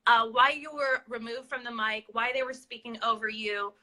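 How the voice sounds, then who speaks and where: Brief: woman co-host, indignant, keeps restarting, piercing bright tone. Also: on the high side, fairly even intonation, moderate pace. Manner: indignant, rambling with repeated restarts. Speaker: co-host interviewing. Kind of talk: casual interview commentary.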